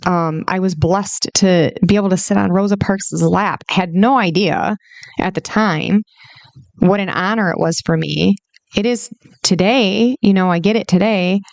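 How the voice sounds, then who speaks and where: A woman hosts a Christian podcast alone, talking with conviction and calling out to her listeners as she goes. Her voice sits a little low. The sound is dry and close, with no room echo. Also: darkish tone. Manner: impassioned, conversational, speaks straight to listeners. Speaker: podcast host. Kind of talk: casual Christian podcast monologue.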